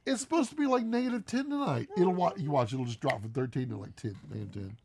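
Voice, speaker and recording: A man co-hosting a live stream, chatting casually and quickly, laughing often as he answers questions. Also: fairly high pitch, a crowd in the background. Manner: fast-talking, laughs often.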